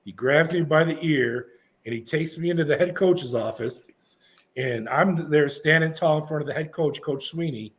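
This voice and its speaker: Middle-aged male guest, casual raconteur, slightly high voice, acts out the dialogue. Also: moderate pace. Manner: animated storyteller acting out quoted voices. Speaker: podcast guest. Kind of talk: casual storytelling.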